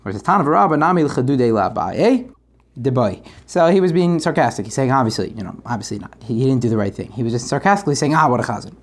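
A man teaching a Talmud class, reading the Aramaic text and explaining it in quick, energetic English. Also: medium pitch. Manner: quick, energetic, reads Aramaic then translates.

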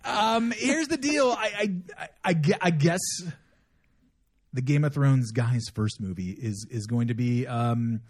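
Playful, lively-voiced woman podcast co-host. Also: extremely low pitch. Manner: playful, teasing, lively, quick to laugh. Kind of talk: casual chat.

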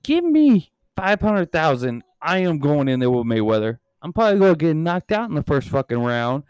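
A man in his thirties rambles through a casual podcast chat, cursing freely as he goes. His voice is smooth and resonant, recorded close and dry with no room sound. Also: a little high, very animated, moderate pace, darkish tone, no room sound. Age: 30s. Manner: rambling and heavily profane. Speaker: podcast and channel host.

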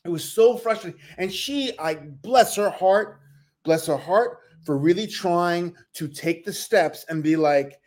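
A man with a high, light voice chats about a reality show. He talks animatedly, jumps into other people's lines and swears freely. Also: unhurried. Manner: animated, acts out quotes, swears. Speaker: podcast co-host. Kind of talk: casual reality TV recap chat.

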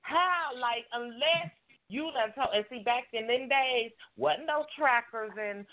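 A woman's voice: measured pace, phone-quality sound. A woman hosting a casual chat, telling a story and acting out the quotes in it. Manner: animated, acts out quotes with big pitch jumps. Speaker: host.

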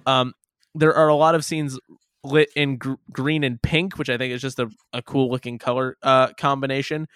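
A man's voice: medium pitch, moderate pace, clear, resonant tone, no echo, clean studio sound. A man co-hosting a casual movie review chat who jokes and laughs a lot. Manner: animated, laughs often, jokey asides. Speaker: podcast co-host.

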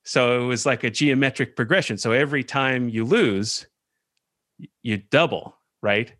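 A man hosting a podcast, telling a self-mocking comedic story in an animated way with quick restarts. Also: mid-range voice, no echo, clean studio sound. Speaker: podcast host.

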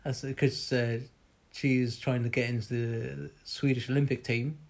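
A man in the middle of a candid personal story, talking loosely and honestly with plenty of filler words. His voice sits at a middling pitch, and the delivery stays chatty and unpolished throughout. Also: flat delivery, a little slow, vocal fry. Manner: candid, rambling, frequent ums and uhs, swears.

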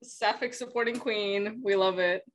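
A woman's voice: medium pitch, steady tone, normal speed. A woman co-hosting a podcast in casual chat, emphatic and joking, often laughing. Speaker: podcast co-host.

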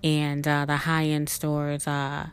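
A woman's voice: sits low, monotone, slow. A young woman hosting a podcast, telling a spiritual story in a chatty, emotional way with laughs and fillers. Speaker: podcast host.

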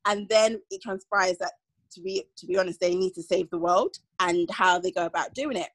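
A woman's voice: on the low side, normal speed, no echo, low-quality recording. Chatty woman rambling through a review. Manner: chatty, rambling, self-correcting. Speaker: podcast co-host. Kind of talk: casual chat reviewing a series.

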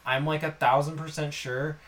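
A man's voice: on the high side, little pitch movement, moderate pace, fairly bright tone. A man co-hosting a podcast, speaking in frank, grumbling casual chat. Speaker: podcast co-host.

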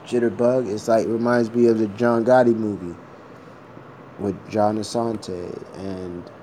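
A man's voice: lowish voice, flat delivery, unhurried, dark tone, a little hiss or hum. A man talking casually to the camera, meandering and thinking aloud, with some swearing. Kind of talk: casual rambling vlog.

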